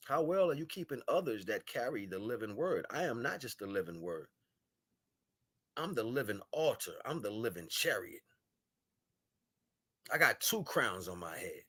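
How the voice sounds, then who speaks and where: Guy preaching on a livestream, real animated up and down voice, goes from hushed to yelling to laughing chatty slang. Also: medium pitch, a little slow, long pauses, husky. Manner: preachy, swings from solemn murmur to loud scolding. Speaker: live stream host. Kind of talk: spiritual livestream monologue. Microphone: live stream microphone.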